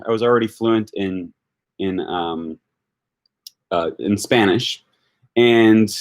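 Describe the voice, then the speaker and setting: A man hosting a casual livestream about language learning, thinking aloud with many ums and answering viewer comments. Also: medium pitch. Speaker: language-learning YouTuber hosting a live discussion.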